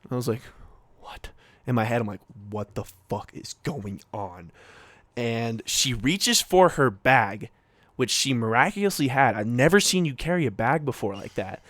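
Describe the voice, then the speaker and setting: A young man co-hosting a podcast tells a story casually and animatedly, swearing and using lots of filler words, especially "like." His voice is medium-pitched at a moderate pace, and the recording is dry.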